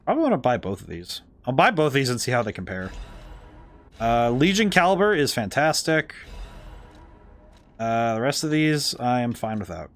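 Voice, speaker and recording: A man's voice: mid-range voice, big pitch swings, normal speed, long pauses, faint music behind. A man streaming a game, musing thoughtfully and rambling as he corrects himself mid-sentence. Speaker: game designer streaming gameplay. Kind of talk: casual livestream commentary.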